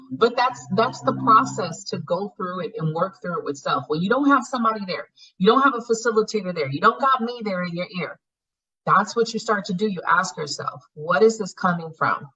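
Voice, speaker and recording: A woman facilitating a spiritual healing class, coaching her students in a blunt, profane, animated way and laughing often. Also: medium pitch, a little fast, breathy edge, far from the mic, rough recording. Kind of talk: live online class teaching.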